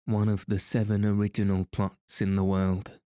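A man's voice: fairly low pitch, completely flat delivery, normal speed, warm tone, no room sound, natural voice. A man reading a teasing, genial priest. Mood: gently teasing. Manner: playful, dry humor. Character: genial, teasing middle-aged male priest.

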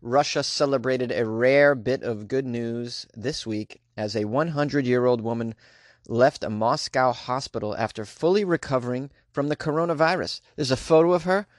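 A man hosting a comedic weird-news podcast, reading stories with animated jokey asides. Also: mid-range voice, normal speed, no echo, clean studio sound. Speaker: podcast host.

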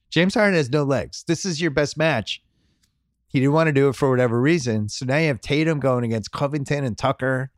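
A man's voice: mid-range voice, no room sound. Dry-voiced man hosting a sports podcast. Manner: opinionated, talks through points in short bursts. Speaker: podcast host. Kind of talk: casual sports chat.

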